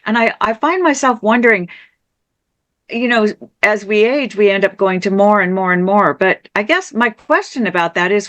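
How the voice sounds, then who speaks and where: Woman asking gentle, halting questions. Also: mid-range voice, expressive. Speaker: interviewer.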